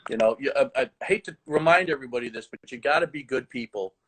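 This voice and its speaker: A man who teaches the horn, telling stories in animated conversation with frequent restarts over a video call. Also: mid-range voice, fast, slight background noise, low-quality recording. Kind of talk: conversational storytelling.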